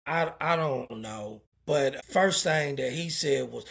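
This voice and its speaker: A truck driver from Indianapolis tells a story straight to the camera. The delivery is loose and full of stammered repeats and swearing, and it gets animated in the retelling. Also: medium pitch, takes it slowly, vocal fry, few pauses, breathy edge. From Indianapolis, USA. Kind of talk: casual storytelling vlog.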